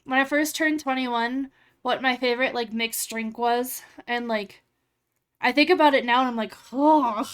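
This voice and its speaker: A woman's voice: a little high, steady tone, normal speed, a bit bright, smooth. A woman streamer chatting casually with her live chat while she edits photos. She rambles along, fills her talk with "like" and laughs easily.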